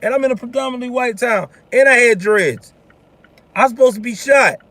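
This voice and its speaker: A man's voice: very high voice, brisk, bright, forceful tone, no echo. A man hosting a vlog, ranting bluntly and profanely in casual commentary from inside a car. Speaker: vlog host. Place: in a car on the road. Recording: car road noise behind.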